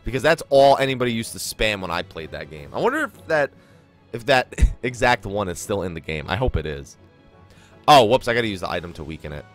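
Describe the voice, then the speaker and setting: Chatty gamer man, lively voice. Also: fairly low pitch, fairly quick, faint music behind. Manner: chatty, laughs often, rambling. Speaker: gaming YouTuber. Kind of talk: casual let's play commentary.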